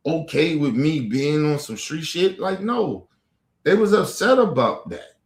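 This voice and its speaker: Man telling a blunt, rambling story in an echoey room. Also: a little high. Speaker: live stream host. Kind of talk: casual storytelling to viewers.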